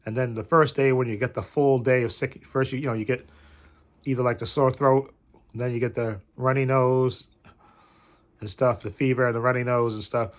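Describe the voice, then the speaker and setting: Male vlogger with a cold, rambling casual talk from bed, keeps circling back. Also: medium pitch. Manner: rambling, repeats "like I said". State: recovering from a cold.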